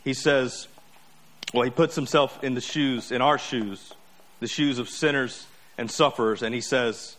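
A man preaching a sermon as pastor, earnest and measured, building his points through repetition. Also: mid-range voice, steady tone, a bit bright.

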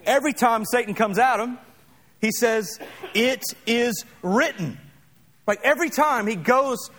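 A man with a notably high voice preaches a sermon. He leans on emphatic repetition and now and then slips in a light aside. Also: a bit bright. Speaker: pastor.

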